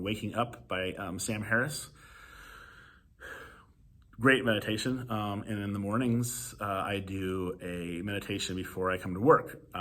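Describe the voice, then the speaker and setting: A man hosting a podcast, giving casual advice to teachers and parents in a relaxed, conversational way full of ums and "you know". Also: low-pitched. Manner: relaxed, filler-heavy, conversational. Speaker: podcast host.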